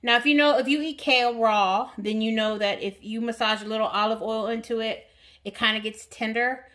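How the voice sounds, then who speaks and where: A woman's voice: on the high side, steady tone, fairly quick, a bit bright. A woman vlogger chatting casually to viewers while cooking in her home kitchen. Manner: chatty, talks straight to viewers.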